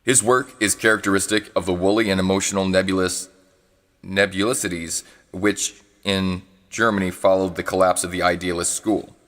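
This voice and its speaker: Deep-voiced man reading, halting. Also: little pitch movement, fairly bright tone, in a large hall. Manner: halting, restarts and corrects misread words; unsure with foreign words, adds asides. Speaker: reader. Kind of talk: live reading of a philosophy book.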